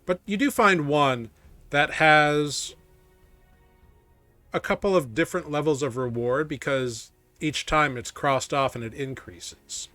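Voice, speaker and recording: A man narrating as game master of a tabletop game, relaxed and casual. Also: a little high, a little slow, dry recording, faint music behind.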